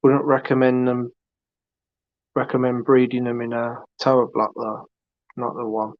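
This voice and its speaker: A man hosts a live stream in an unhurried, rambling way, calling out to viewers as he chats. His voice is dry and close, with no room around it. The stream audio sounds dull and lo-fi. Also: mid-range voice, completely flat delivery, no echo. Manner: chatty, rambling, addresses viewers by name. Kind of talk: casual live-stream chat.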